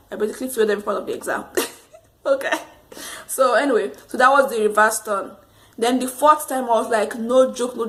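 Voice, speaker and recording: A woman telling a casual storytime monologue to camera, rambling and animated, laughing often. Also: mid-range voice. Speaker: vlogger.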